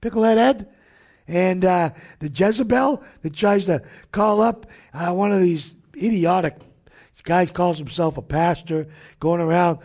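A man with a high, husky voice rants through a religious talk broadcast. He sounds combative and fiery, like a preacher scolding his enemies, and throws in sudden shouted jabs. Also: a little slow. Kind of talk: ranting preacher-style talk.

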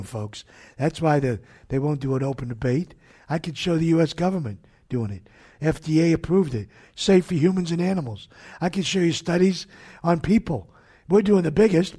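Fiery husky high-voiced male preacher-host. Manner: combative and fiery, jabbing at his targets with sudden shouted outbursts. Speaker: host of a religious talk broadcast. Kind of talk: ranting preacher-style talk.

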